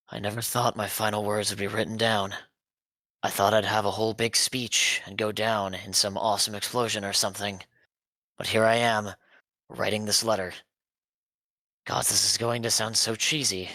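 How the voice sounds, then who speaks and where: A young man player reading a letter aloud during a tabletop game, steady and quick. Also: fairly low pitch, no room sound, poor audio.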